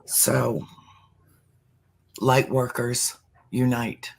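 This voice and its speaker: A middle-aged speaker talking earnestly about spirituality as a podcast guest, slowing down to stress words. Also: mid-range voice, little pitch movement, creaky, slightly rough. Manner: earnest, emphatic, slows for emphasis. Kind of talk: heartfelt spiritual talk.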